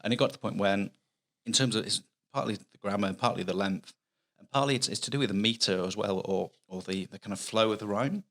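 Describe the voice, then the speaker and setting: A man's voice: fairly low pitch, quick pace, hardly any pauses, fairly bright tone. A middle-aged man with a Mancunian accent, chatting earnestly as a guest author in a casual podcast interview. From Manchester, England. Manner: chatty, earnest, explains at length with restarts.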